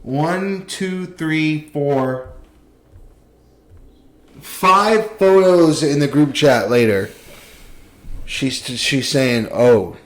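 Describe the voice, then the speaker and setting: A young man co-hosting a podcast, ranting and joking in a loose, profane, rambling way. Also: medium pitch. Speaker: podcast co-host. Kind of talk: casual podcast chat.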